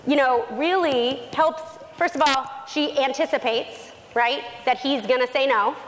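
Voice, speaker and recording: A woman's voice: high voice, unhurried. A woman presenting a negotiation workshop, talking through a role-play scenario in a conversational way. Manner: reads role-play lines aloud, conversational. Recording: faint noise in a long-reverb hall.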